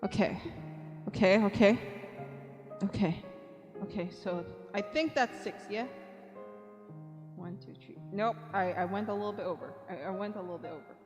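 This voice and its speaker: Young woman streamer, chatty, giggly, mid pitch, long reverb, faint music behind. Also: moderate pace, long pauses. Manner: bubbly and chatty, counts aloud, giggles often. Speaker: art streamer. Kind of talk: casual live-stream chat.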